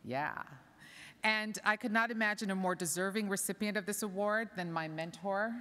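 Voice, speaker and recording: A middle-aged woman giving a warm, chatty, emotional speech as an award presenter, moved close to tears. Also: medium pitch, normal speed. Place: large conference hall. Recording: long hall reverb.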